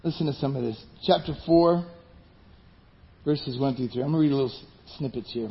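A man's voice: mid-range voice, fairly quick, vocal fry. A man preaching a sermon with emphasis, turning to the congregation with rhetorical questions. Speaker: pastor. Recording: dull lo-fi sound.

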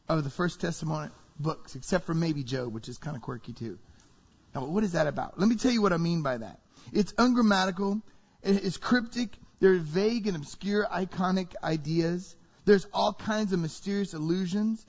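A man preaching a sermon to a congregation, animated and full of rhetorical questions. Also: high voice, breathy edge. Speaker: pastor. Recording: reverberant hall, dull sound.

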